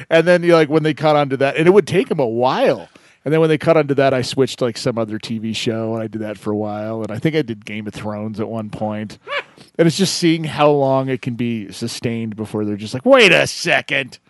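A man's voice: mid-range voice, fairly quick, darkish tone, no room sound. A man hosting a call-in show, chatting casually, laughing often and tripping over his words.

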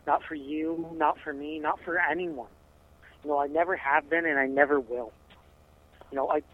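A male caller reading his own bleak poem in a halting, somber way over the phone. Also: fairly high pitch. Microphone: telephone. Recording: tinny dry phone line.

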